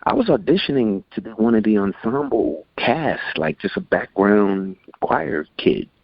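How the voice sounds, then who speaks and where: A man's voice: fairly low pitch, a little slow, no room sound. A man in his forties telling stories casually as an interview guest, acting out the people in them. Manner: animated, acts out quotes in voices. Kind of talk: casual storytelling. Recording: dull lo-fi sound.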